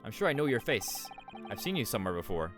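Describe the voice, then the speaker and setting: A man voicing a courteous young gentleman, low and unhurried. He talks in a measured, polite way, reading game lines over background music. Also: sing-song. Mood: calm. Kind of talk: reading game dialogue aloud.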